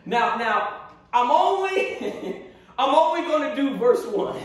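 High-voiced preaching man in echoey church. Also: sing-song, takes it slowly, far from the mic. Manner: impassioned preaching with repetitions and call-and-response. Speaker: pastor. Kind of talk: sermon. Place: church sanctuary.

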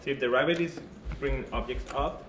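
A man who is a guest game designer, speaking haltingly and searching for words in a live discussion. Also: mid-range voice. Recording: distant, echoey, noisy with clicks.

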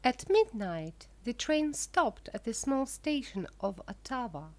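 Slow, clear woman reading an audiobook. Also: on the high side, sing-song. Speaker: narrator. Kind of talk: graded-reader audiobook narration.

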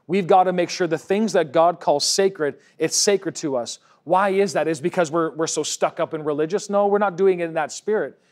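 A man's voice: fairly high pitch, normal speed, few pauses, a little mellow. A male pastor preaching a church sermon, reading scripture aloud between emphatic, conversational points. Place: church service.

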